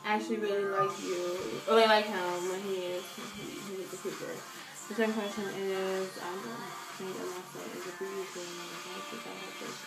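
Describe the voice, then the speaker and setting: A woman's voice: flat delivery, brisk, gravelly, over loud music. A teenage girl vlogging from her bedroom and answering fan questions in a chatty, joking way. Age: teens. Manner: chatty, joking, dramatic swings in loudness and pitch. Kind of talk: casual Q&A vlog talk. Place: bedroom at home.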